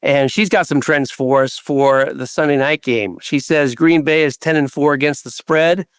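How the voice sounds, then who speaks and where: A man co-hosting a sports betting podcast, briskly reading through trends and numbers with the odd filler. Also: a little high, clear, resonant tone, dry recording. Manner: brisk, numbers-heavy delivery with filler uhs. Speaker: podcast co-host.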